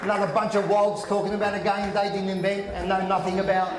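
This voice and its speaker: Brash male comic, high voice, crowd work in a roomy hall with an audience. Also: level tone, quick pace. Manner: brash, teasing crowd work with loud outbursts. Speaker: stand-up comedian at a live event. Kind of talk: stand-up comedy. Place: function room with a live audience. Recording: echoey room with audience.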